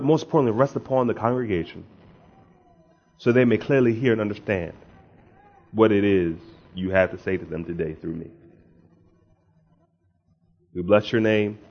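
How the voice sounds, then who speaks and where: Low-voiced male pastor preaching. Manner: conversational, with rising emphatic bursts. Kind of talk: sermon with prayer and scripture reading. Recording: dull lo-fi sound.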